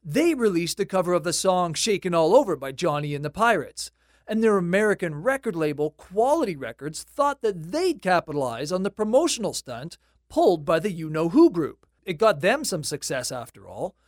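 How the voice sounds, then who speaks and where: A host narrating a scripted music-history story in a conversational, lightly wry way. The voice moves through a lively, animated range. It sits close on a dry mic with no room sound. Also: medium pitch, moderate pace, no room sound.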